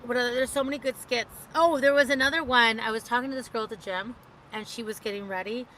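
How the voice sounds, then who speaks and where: A woman's voice: on the high side, steady tone, quick pace, fairly bright tone, slight background noise, low-quality recording. Chatty woman livestreaming outdoors. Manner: chatty, rambling, reading out viewer comments. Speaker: livestream host. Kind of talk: casual livestream chat with viewers.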